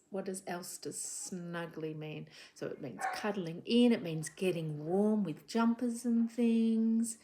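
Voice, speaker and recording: A woman teaching young children about words and sounds with a puppet, gentle and encouraging, sounding out letters and sometimes whispering softly. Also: on the low side. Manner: gentle, encouraging, slow and drawn out. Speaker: children's literacy presenter. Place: home living room.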